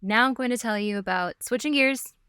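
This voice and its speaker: A woman's voice: a little high, fairly quick, bright, forceful tone, clean tone, no echo, clean studio sound. Giggly podcast host woman. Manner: giggly storyteller, playful asides. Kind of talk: casual history chat.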